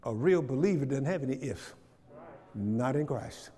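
In church, a man leads a Bible study that moves from plain talk to fervent preaching, with call and response as he often questions the room and repeats phrases. His medium-pitched voice is animated and slightly rough with a dark tone, at a moderate pace, trailed by a long reverb.

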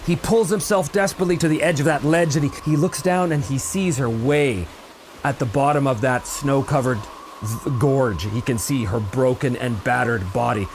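A man's voice: mid-range voice, background noise. A man narrating a tabletop role-playing game as game master, telling the story dramatically with fillers and restarts.

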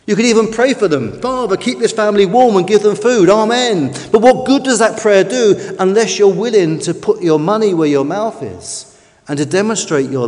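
Emphatic preacher in a reverberant hall. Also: male voice, on the high side, a little mellow. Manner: emphatic, with slow drawn-out stresses. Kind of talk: sermon. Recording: long reverb of a large hall.

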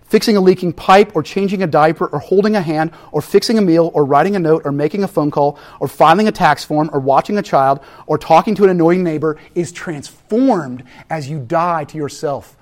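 A man, preaching a sermon in a casual, animated way that swings from loud to hushed. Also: on the high side, brisk, few pauses. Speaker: pastor.

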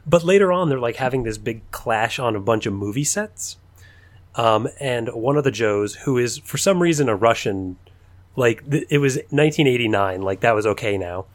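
Animated laughing male podcast co-host. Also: mid-range voice, normal speed. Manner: animated storyteller, laughs often. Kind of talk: casual chat.

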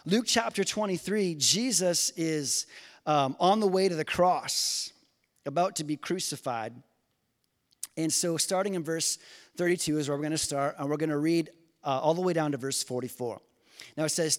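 High-pitched preacher guy, loud then quiet, big echoey church hall. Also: expressive. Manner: preaching with swings from loud emphasis to quiet, slow reading. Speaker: pastor. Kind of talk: sermon. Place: church sanctuary. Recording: long reverb of a church hall.

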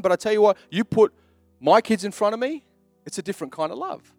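A middle-aged male pastor preaches with a high, strongly swinging voice. He repeats his key lines and slips into small acted-out asides. The sound is dry and close. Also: animated, fairly quick, no echo, faint music behind. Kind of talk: sermon.

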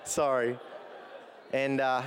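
A man's voice: mid-range voice, flat delivery, takes it slowly, slight background noise. A man preaching a sermon to his church, earnest and building in intensity, with touches of self-deprecating humor. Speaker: pastor. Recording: long hall reverb.

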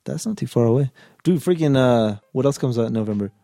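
A man's voice: medium pitch, expressive, quick pace, creaky, warm tone, dry recording, studio quality. A young man co-hosting a casual podcast chat, blunt and joking, with slangy talk. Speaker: podcast co-host.

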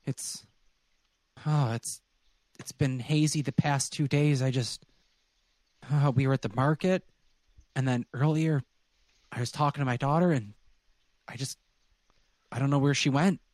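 Grieving mother, dazed and halting, as a male game master puts her on, dry close sound. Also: mid-range voice, a little mellow, dry recording, natural voice. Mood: dazed grief. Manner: halting, trailing off.

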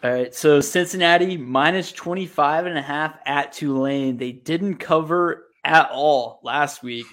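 Man, podcast host, brisk and matter-of-fact while reading sports picks. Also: fairly high pitch, a bit bright. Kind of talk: casual sports betting chat.

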